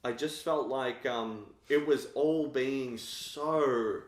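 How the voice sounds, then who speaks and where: A man's voice: medium pitch, slow, roomy sound. A man co-hosting a film podcast, bluntly criticizing with a laugh in his voice. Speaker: podcast co-host. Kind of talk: casual film chat.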